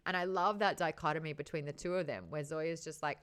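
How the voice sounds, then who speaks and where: A woman hosting a casual book discussion, chatty and animated, swearing freely and laughing often. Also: deep voice, a little fast. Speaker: host.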